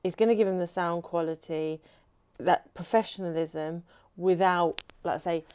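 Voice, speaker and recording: A woman's voice: fairly low pitch, steady tone, moderate pace, darkish tone, smooth. Chatty woman, laughing co-host. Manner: chatty, laughs often, rambling. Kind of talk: casual podcast chat.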